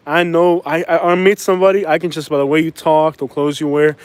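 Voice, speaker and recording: A man from Florida with a Florida accent rambles through a casual live stream while walking outside at night. His voice sits a touch high, and he laughs often as he chats along. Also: little pitch movement, fairly quick, smooth, no echo. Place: outdoors at night in a small town.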